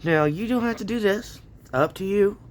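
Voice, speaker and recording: This man's voice sits high and moves at normal speed. He hosts a craft channel, leading a relaxed tutorial from home, where he chats to viewers, laughs a lot, and mutters to himself while working.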